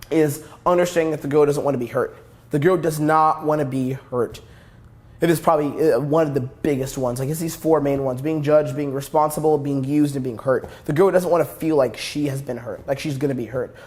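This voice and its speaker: Brash young male coach, rapid delivery, fairly high voice, profane instructional talk. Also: a little mellow. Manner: brash, profane, repetitive emphasis. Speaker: dating coach. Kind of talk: instructional monologue.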